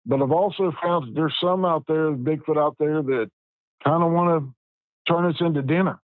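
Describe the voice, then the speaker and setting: A man, telling a personal story in a plainspoken, folksy way with halting pauses. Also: on the high side, dry recording, low-quality recording. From West Virginia. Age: 50s. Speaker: Bigfoot researcher guest.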